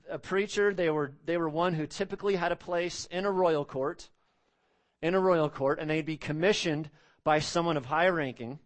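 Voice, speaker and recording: Earnest, emphatic male preacher. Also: a little high. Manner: earnest, emphatic preaching with repeated phrases and drawn-out stresses. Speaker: pastor. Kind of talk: expository sermon.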